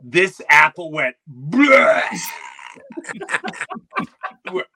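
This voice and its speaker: A man's voice: on the high side, expressive, unhurried, crowd noise. A middle-aged man, a podcast host and comedian, telling a childhood story with lots of energy and acted-out sound effects. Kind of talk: animated storytelling chat.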